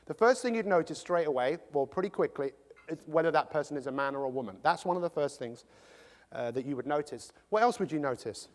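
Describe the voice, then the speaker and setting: A high-voiced English man works a live audience with a jokey, animated motivational talk. He slips into quick impressions as he goes. His voice rings out with a long reverb from the big hall. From England. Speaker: motivational speaker.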